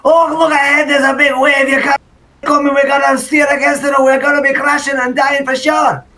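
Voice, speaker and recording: A man voicing a loud Scottish sailor with an exaggerated accent, shouting a warning. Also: very high-pitched, little pitch movement, a little fast, distant mic, pitched above the performer's own voice, heavily acted. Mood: alarmed shouting.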